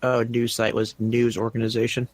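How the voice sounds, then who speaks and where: A man's voice: mid-range voice, completely flat delivery, moderate pace, no echo. A man on a podcast making dry, joking quips. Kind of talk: casual podcast chat.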